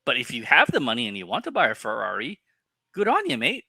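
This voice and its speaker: A man's voice: mid-range voice, wildly swooping pitch, quick pace, gravelly, sharp tone, husky, no echo. A man co-hosting a casual collectibles podcast, ranting with heated, profane opinions. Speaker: podcast co-host. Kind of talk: casual chat.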